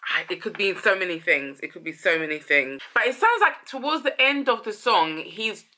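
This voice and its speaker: A woman's voice: medium pitch, lively intonation, moderate pace, bright, forceful tone. A woman hosting a casual song commentary, thinking aloud, rephrasing and trailing off as she muses. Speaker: host.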